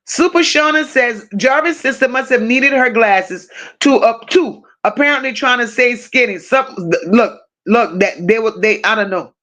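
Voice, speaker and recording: A woman hosting a casual true-crime livestream, reading viewer comments aloud and answering them with blunt, profane, animated banter. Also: on the high side, moderate pace, few pauses. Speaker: livestream host reading chat.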